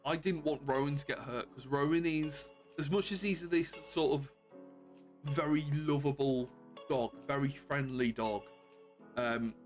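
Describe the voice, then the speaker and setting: Calm, sore man chatting. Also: medium pitch. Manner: subdued, calmer than usual, with frequent chuckles. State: sore from bruised ribs. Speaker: game streamer. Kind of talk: casual live-stream chat.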